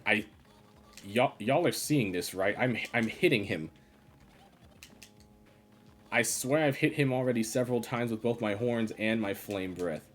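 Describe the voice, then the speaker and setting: A man's voice: fairly low pitch, a little slow, long pauses. A man streaming live gameplay commentary, grumbling in an exasperated, sarcastic way.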